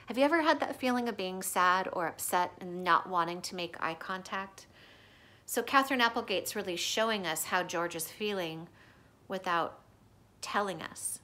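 A woman reading a children's novel aloud, stopping in a gentle, teacherly way to explain words and story craft. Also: mid-range voice, animated, moderate pace. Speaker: read-aloud host.

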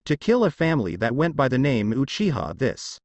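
Grieving old werewolf grandfather, read by a man, somber and weary, lively delivery. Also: mid-range voice, brisk, no room sound, muffled recording. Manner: somber, sad.

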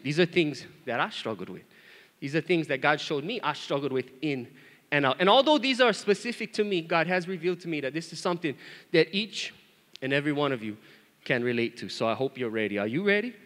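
A male pastor preaching to his congregation in an animated, joking way, calling out to them for responses. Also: fairly high pitch. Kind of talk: sermon. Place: church. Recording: reverberant church hall.

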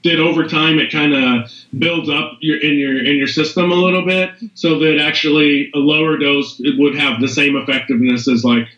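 A middle-aged man appears as a guest on a podcast, where he runs a CBD business. His voice sits a little high and fairly bright, holding a steady tone at normal speed with few pauses, though he chats casually and rambles with plenty of fillers and restarts. The room sound is echoey, dull and lo-fi.

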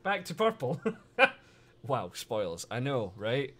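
A man chatting casually on a live stream, excitable and swearing freely, laughing often as he talks to his chat. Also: medium pitch, slow pace, soft background music.

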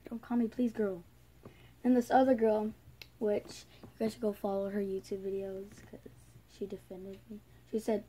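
A woman's voice: medium pitch, fairly even intonation, normal speed, dark tone, slight background noise. A female vlogger ranting casually to her viewers, rambling and indignant. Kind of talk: casual vlog rant.

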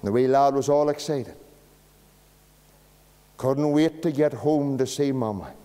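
A man preaching a sermon in a church, using slow dramatic pauses and dropping to a hush on key words. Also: mid-range voice. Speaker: pastor. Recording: long church reverb.

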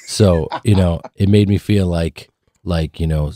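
A man from Chicago, a guest actor on a radio show, telling lively anecdotes and mimicking others. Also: sits low, measured pace, dry recording, studio quality. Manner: animated storyteller, acts out others' voices. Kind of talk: radio studio chat. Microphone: studio microphone.

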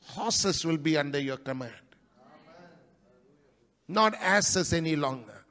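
A male pastor preaching a sermon in a church, breaking into sudden loud rises and dropping into quick, quieter asides. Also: a little high, expressive. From India.

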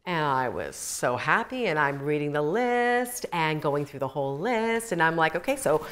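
A woman teaching a Christian course for women, telling personal stories expressively and moving from emphatic to soft. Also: sits low, sing-song, normal speed. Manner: laughs while telling stories.

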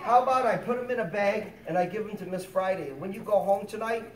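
A man performing a fire safety show for preschoolers, telling a story in an animated, sing-song way. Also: high-pitched, quick pace. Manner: animated, sing-song, talks down warmly to little kids. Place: preschool classroom. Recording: roomy, distant, with children and noise. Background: young children chattering and answering.

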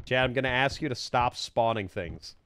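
A man streaming a game, commenting live and swearing, swinging from low mutters to loud shouts. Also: moderate pace, a little hiss or hum.

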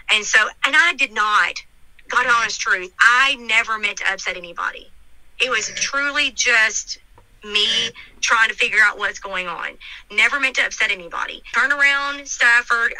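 Middle-aged woman, animated storyteller acting out quotes, bright, dry sound. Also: a little high, no room sound, low-quality recording. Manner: animated retelling, acts out quoted dialogue. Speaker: interviewee, neighbor telling her account. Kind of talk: emotional storytelling in an interview.

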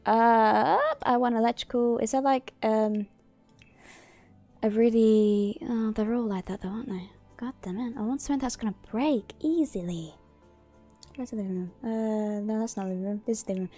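A woman's voice: on the high side, normal speed, mellow. A woman streamer giving casual gameplay commentary, chatty and muttering to herself with mild swearing. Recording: dry sound with faint music behind.

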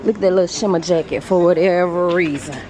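A young woman, talking to a handheld phone camera in an animated, outspoken vlog, cursing freely. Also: fairly low pitch, quick pace. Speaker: vlogger. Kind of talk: casual vlog chat. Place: in stores and a car. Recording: background noise from stores and car. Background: store and car noise.

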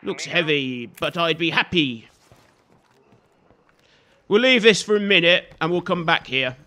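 Man, high bright voice, playful running commentary over gameplay, banters at enemies. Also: expressive, measured pace. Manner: chatty, jokey, scolds enemies on screen. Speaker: gaming video host. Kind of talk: let's play commentary.

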